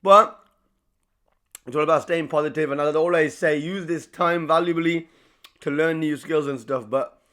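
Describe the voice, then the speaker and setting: Bright, chatty young man. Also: fairly high pitch, normal speed, long pauses. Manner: chatty, eats between lines. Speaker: vlogger. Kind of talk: casual mukbang chat to camera.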